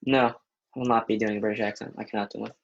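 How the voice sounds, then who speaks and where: A teenage young man chatting as a podcast guest, answering with dry, deadpan jokes. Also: fairly low pitch, quick pace, vocal fry, highs cut off. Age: late teens. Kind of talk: casual chat.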